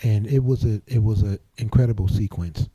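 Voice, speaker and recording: Deep, husky-voiced man on a podcast. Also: mellow, dull audio. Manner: measured, agreeing, with fillers. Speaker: podcast co-host. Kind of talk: casual podcast chat.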